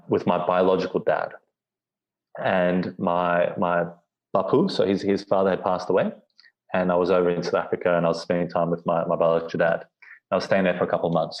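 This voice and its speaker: A man being interviewed on a podcast, telling a personal story in a rambling way, full of "you know" and restarts. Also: low voice. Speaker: podcast guest. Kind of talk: reflective storytelling. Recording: dull lo-fi audio.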